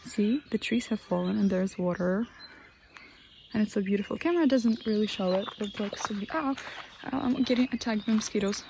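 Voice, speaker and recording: 18-year-old woman, rambling solo vlogger on a handheld phone, soft faint birdsong behind. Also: mid-range voice, fairly quick, a little hiss or hum. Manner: rambling, hesitant, drops to a whisper at times. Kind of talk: casual chat. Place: outdoors in a forest.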